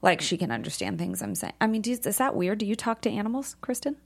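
A woman's voice: mid-range voice, animated, fast talker, gravelly. A young woman co-hosting a talk show, chatting casually and loading her talk with "like" and fillers. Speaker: podcast co-host. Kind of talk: casual chat.

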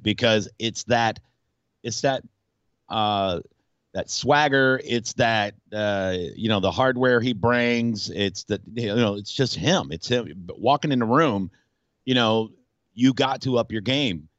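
Male radio host, low voice, rambling and animated, dry close mic. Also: no room sound, dull audio. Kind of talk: casual sports talk.

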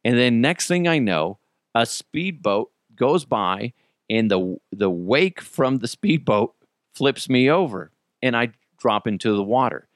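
Guy hosting a podcast, pitch jumps all over, dry close sound, cusses a lot. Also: measured pace, no echo. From United States. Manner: animated, swears freely, laughs while telling. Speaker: podcast host. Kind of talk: casual storytelling.

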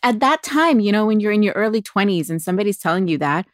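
A woman from the Emirates telling a personal story as a guest, acting out what people said in a lively, animated way. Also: medium pitch, fast, no echo, clean studio sound. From United Arab Emirates. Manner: animated, acts out quoted voices. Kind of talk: conversational storytelling.

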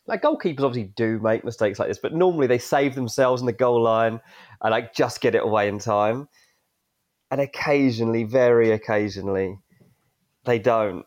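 A man co-hosting a football podcast, recounting a match moment with lively, building excitement. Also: fairly low pitch. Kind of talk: animated storytelling of a match moment.

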